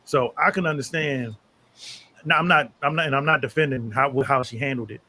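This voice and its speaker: A man's voice: mid-range voice, brisk, sharp tone. A man co-hosting a podcast in casual chat, blunt and profane. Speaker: podcast co-host.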